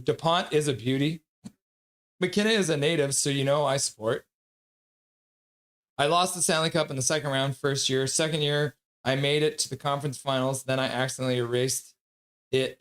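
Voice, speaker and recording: Tired man calling hockey play-by-play. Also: mid-range voice. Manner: rapid running commentary, reads chat aloud, chuckles. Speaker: streamer doing play-by-play. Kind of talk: live hockey play-by-play and chat reading.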